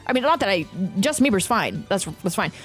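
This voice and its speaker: A woman's voice: mid-range voice, fast, soft background music. A woman in her thirties, a streamer, telling a story in casual chat with frequent swearing. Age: 30s. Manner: ranting, profane, animated storytelling.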